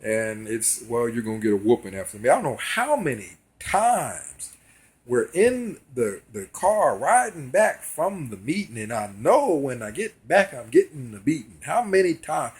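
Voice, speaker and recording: Husky-voiced man talking to his viewers. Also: fairly high pitch, very animated, measured pace. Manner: earnest, talks straight to viewers. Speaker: vlogger. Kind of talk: casual direct-to-camera monologue.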